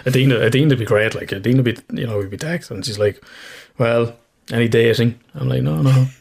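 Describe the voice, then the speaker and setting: A man's voice: medium pitch, very fast, gravelly, darkish tone, husky. A middle-aged Irish man with a Kildare accent, co-hosting a podcast in casual chat, swearing often and laughing a lot. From Ireland. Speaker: podcast co-host.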